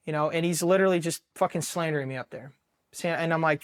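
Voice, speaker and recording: Man, from Ohio, military veteran, candid storytelling, profane, emotional, somewhat high voice. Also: fast, clean tone. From Ohio, USA. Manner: blunt, heavily profane, emotional.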